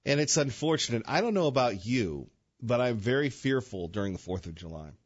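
The older radio host speaks briskly in a sing-song, mid-range voice with a breathy edge. Through a studio microphone, the sound is dry and lo-fi as he chats casually, joking, rambling, and interrupting himself with asides.

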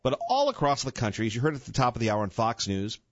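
Talking fast with wildly swooping pitch in a mid-range voice, an older man hosts a radio show, joking, rambling, and cutting himself off mid-thought in casual chat. His studio microphone gives a dry recording with the highs cut off.

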